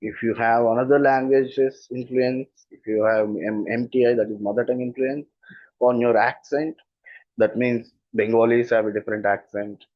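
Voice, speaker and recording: A man's voice: medium pitch, steady tone, moderate pace, no echo. Indian accent guy, communication coach, earnest, repeats stuff for emphasis, kinda dull dry audio. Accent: standard Indian English. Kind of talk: explanatory talk.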